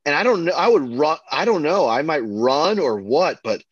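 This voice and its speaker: A man co-hosting a podcast, chatting casually and excitedly about a film, full of fillers and restarts. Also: fairly high pitch, moderate pace, no echo, lo-fi sound. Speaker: podcast co-host.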